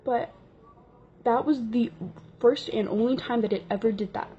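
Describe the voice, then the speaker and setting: A woman's voice: fairly high pitch, moderate pace, slight background noise. A woman telling a casual story-time vlog tale, chatty and full of fillers. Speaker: vlogger. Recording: dull lo-fi recording.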